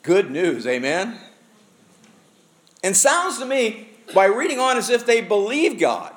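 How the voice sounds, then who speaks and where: A male pastor delivering a sermon with a lively, swooping voice that sits a little high for a man. He keeps putting questions to the congregation as he preaches, animated and earnest. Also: unhurried.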